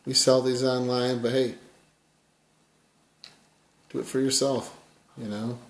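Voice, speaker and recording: A man giving a casual fly tying tutorial, rambling and folksy, his voice often dropping quiet as he works. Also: medium pitch, level tone, takes it slowly, echoey room.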